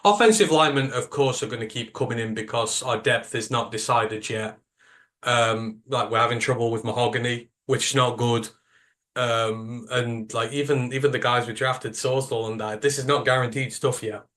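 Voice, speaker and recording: A man's voice: medium pitch, fairly even intonation, normal speed, fairly bright tone. Opinionated British man talking football. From United Kingdom. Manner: emphatic, opinionated, rambling with fillers. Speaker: podcast co-host. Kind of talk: casual sports podcast chat.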